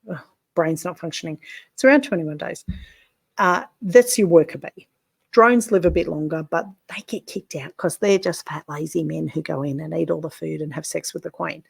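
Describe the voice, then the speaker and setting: A woman's voice: on the low side, vocal fry, a little mellow, slightly rough, no echo. A woman beekeeper explaining hive care in a chatty, frank how-to vlog, with casual swearing.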